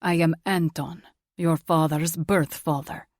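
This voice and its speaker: A woman's voice: low voice, fairly even intonation, measured pace, a little mellow. A woman voicing an emotional, doting old grandfather who sobs and pleads as he speaks. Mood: tearful. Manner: sobbing, pleading. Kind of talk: audiobook character voice.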